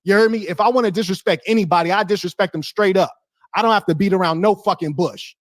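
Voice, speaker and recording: A man trash-talks his opponents on a livestream, combative and slangy. His voice sits a bit high. The sound is close and dry, with no room echo. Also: fast talker. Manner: confrontational, trash-talking, slangy. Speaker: livestream debate host. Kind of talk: heated livestream commentary.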